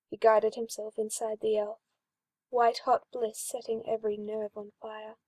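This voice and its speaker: A woman reads a fan-written story aloud with an even, smooth manner. Her voice sits a little high, and the recording is dry with no room sound. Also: dry recording. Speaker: story reader. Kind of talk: reading fan fiction aloud.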